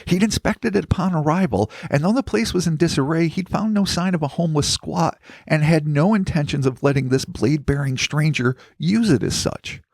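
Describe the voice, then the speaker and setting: Guy telling a spooky story on his podcast, steady voice, dry close mic. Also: a little high, creaky, no echo. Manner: measured storytelling with dramatic emphasis. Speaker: podcast host. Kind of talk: reading a story as podcast narration.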